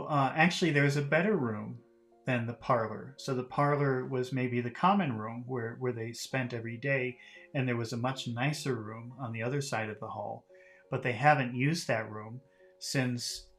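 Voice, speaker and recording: Male English teacher, mid-range voice, reading a novel aloud and patiently paraphrasing its vocabulary; soft guitar music in the background. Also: medium pitch, normal speed. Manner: patient, paraphrases words in plain terms.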